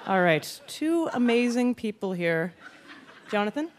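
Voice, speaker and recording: A woman's voice: mid-range voice, very animated, measured pace, slight background noise. A woman hosting a live quiz show, introducing contestants and bantering playfully. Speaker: game show host.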